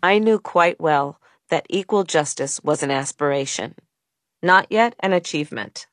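A woman reads her own audiobook in a measured, earnest voice. Her pitch sits a little low for a woman. The recording is dry and close, with no room sound. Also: dry recording. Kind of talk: audiobook narration.

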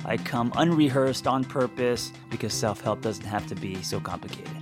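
A man introducing himself as a therapist and podcast host in a relaxed, plainspoken way. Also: mid-range voice, normal speed. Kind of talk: show intro over music. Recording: voice over loud guitar music.

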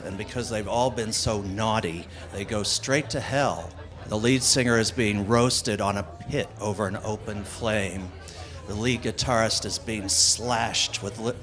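A man telling a joke in a steady, matter-of-fact way. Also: lowish voice. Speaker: joke teller.

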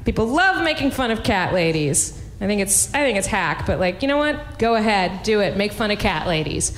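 A woman performing a stand-up set in a wry, conversational way with quick asides. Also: medium pitch, big pitch swings, long reverb tail, a little hiss or hum. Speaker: stand-up comedian.

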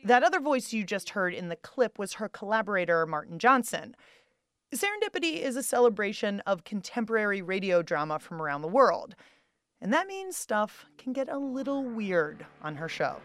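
Bubbly woman radio host, swooping pitch. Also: sing-song, normal speed, a bit bright, no room sound. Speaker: podcast show host. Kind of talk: lively radio hosting.

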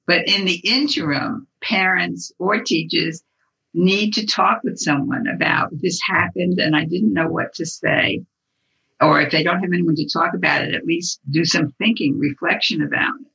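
An older woman with a gravelly, breathy voice talks through ideas carefully and at length, in a measured, explanatory way. Her tone is bright and edged, and the recording sounds dull and lo-fi. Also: lowish voice, fairly even intonation. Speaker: guest, author and activist. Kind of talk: interview answers.

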